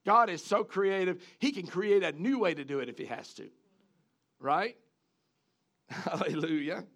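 A man with a high, gravelly voice preaches a sermon. He talks in an animated way, stumbles over repeated words and keeps turning to the congregation with questions. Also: unhurried.

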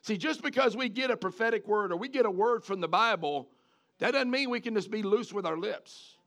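A man with a high, gravelly voice preaches a sermon. He talks in an animated way, stumbles over repeated words and keeps turning to the congregation with questions. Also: fairly quick.

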